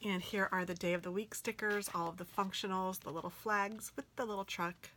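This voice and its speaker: A woman gushing excitedly as she unboxes planner stickers for her viewers, often dropping into soft whispers. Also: mid-range voice, brisk, a little hiss or hum. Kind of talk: casual unboxing chat.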